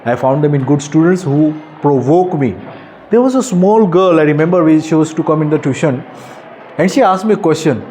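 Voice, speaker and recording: A man's voice: a little high, fairly quick, dark tone, slight background noise. A man in his forties with an Indian accent, speaking earnestly to students at a school workshop and often putting questions to them. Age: 40s. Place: school classroom.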